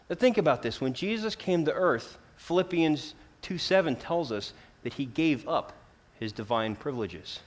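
A man preaching a sermon, earnest and emphatic, swelling louder for key lines and dropping low for solemn ones. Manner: earnest and emphatic, rising and falling in volume for emphasis.

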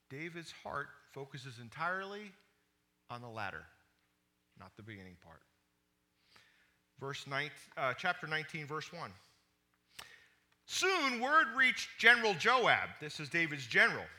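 Lively, bright-voiced male preacher. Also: a little high. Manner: animated storytelling, dropping quiet on somber points. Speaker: pastor. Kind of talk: sermon.

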